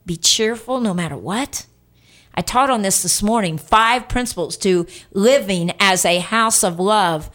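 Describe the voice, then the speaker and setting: A woman pastor preaching a sermon in an emphatic, lively way, asking her listeners questions. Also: medium pitch, unhurried.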